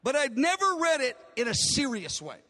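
In a large hall with long reverb, an older male pastor preaches in a very high, bright, forceful voice at a moderate pace, his pitch swinging hugely. He tells a story with emotion and drama, acting out the dialogue.

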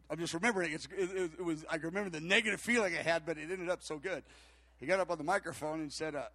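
Speaking fast in a slightly high voice on a dry recording, an older man delivers a storytelling sermon. He is animated as he rambles through a long personal anecdote, with lots of fillers and false starts.

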